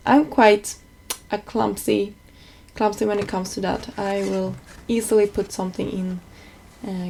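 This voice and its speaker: Flat, gravelly woman explaining crafts. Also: medium pitch. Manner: plain step-by-step explaining with small slips. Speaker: card-making crafter. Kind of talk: tutorial voice-over narration.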